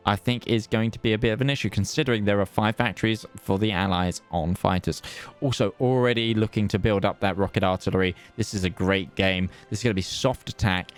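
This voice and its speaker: A man giving live esports commentary, chatty and excitable, full of fillers and restarts. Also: mid-range voice. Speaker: esports caster.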